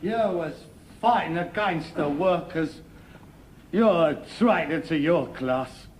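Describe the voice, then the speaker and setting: A mocking, dreamy son. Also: male voice, on the high side, expressive, takes it slowly. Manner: wheedling, mocking and daydreaming. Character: ambitious, scornful working-class son, middle-aged. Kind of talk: 1960s-70s TV sitcom acting. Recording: faintly hissy archive TV recording, far laughter.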